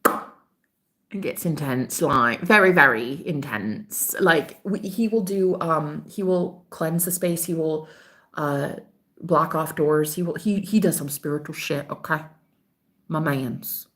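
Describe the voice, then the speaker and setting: A woman telling a personal story in casual chat to her viewers, animated and talkative, swearing and calling her audience "girl". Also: deep voice, takes it slowly. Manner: voices other people in quoted dialogue. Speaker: spiritual advisor.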